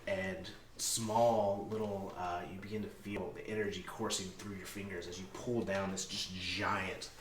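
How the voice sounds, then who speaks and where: A man's voice: low voice, flat delivery, a little slow, few pauses. A man narrating as game master, describing the action vividly with frequent fillers. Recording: roomy, distant mic with clear background noise.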